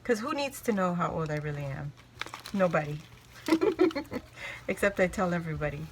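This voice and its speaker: A woman vlogger from Hawaii excitedly unboxing handmade craft mail, gushing and exclaiming over each piece. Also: fairly low pitch, moderate pace, a little hiss or hum. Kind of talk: casual unboxing chat. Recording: music playing in the background.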